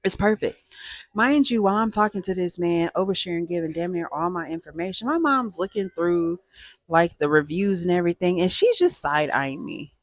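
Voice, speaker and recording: A woman's voice: fairly low pitch, brisk, no echo. Chatty woman telling a storytime. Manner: animated, chatty, slangy asides to listeners. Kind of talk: casual storytime.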